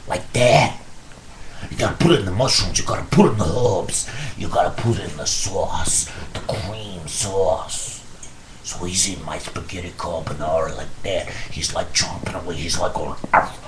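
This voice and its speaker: A man playing Vinny, a low, slow gangster cook. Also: background noise. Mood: blustering. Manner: tough-guy swagger, heavy swearing, rambling. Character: hot-tempered male mobster cook, middle-aged. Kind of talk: improvised comic monologue. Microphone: webcam.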